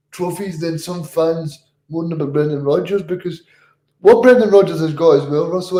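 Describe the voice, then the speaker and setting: Male co-host, slightly high, mellow, rambling, roomy echo. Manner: rambling, halting, many restarts. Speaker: podcast co-host. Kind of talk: casual football podcast chat. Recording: echoey room.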